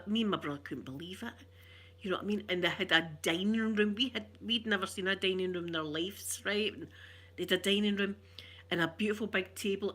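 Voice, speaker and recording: Middle-aged Glaswegian woman, ASMR stream host, soft rambling chat, bright voice. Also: fairly low pitch. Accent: Glaswegian Scottish. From Glasgow, Scotland. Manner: soft-spoken, rambling, warm chatter with viewers. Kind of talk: chatty ASMR livestream.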